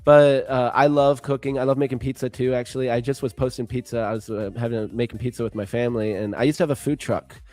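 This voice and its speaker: A man's voice: mid-range voice, fairly even intonation, fast, hardly any pauses, darkish tone, no room sound. A man chatting in an easygoing, friendly way on a livestream, joining remotely over a video call. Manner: easygoing, friendly, says "dude" a lot. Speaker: co-host on a livestream. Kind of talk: casual chat on a livestream. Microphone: video call, remote setup.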